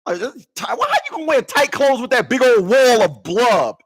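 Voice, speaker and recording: A man's voice: very high-pitched, big pitch swings, a little fast, husky. A man ranting in a rambling comedic monologue, stammering and repeating words as he goes. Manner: stammers and repeats words, laughs at own jokes. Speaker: vlogger.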